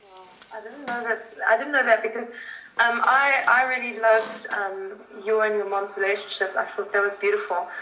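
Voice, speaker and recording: A woman's voice: fairly high pitch, normal speed, echoey room, a little hiss or hum, rough recording. A woman from South Africa, a guest in a casual interview, telling family stories with lots of laughter. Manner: laughing, animated storytelling. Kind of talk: casual chat.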